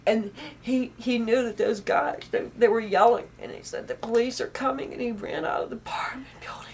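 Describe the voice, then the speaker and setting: A woman giving personal testimony in a documentary interview, halting and repeating herself, rising to loud intensity and dropping to whispers. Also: fairly high pitch, fairly even intonation, vocal fry, slight background noise.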